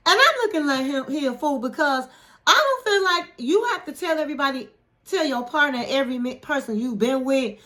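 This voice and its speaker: A woman host casually recapping a reality show episode, chatty and animated, calling the viewer honey and acting out what people said. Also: high-pitched, fairly quick. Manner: chatty, animated retelling with quoted voices, says "honey".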